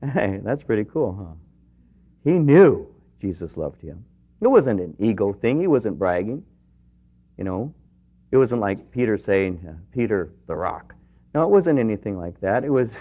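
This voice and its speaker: A man with a fairly low voice preaches a sermon in an earnest, personal way. He rises to emphatic questions, then sinks to quiet, intimate remarks. The recording is dull and lo-fi. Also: very animated, unhurried, pauses often. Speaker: pastor.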